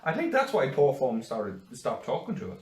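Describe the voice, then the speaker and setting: A man's voice: mid-range voice, huge pitch swings, normal speed. A young man co-hosting a podcast in casual, joking chat, swearing and rambling. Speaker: podcast co-host. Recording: roomy, distant mic.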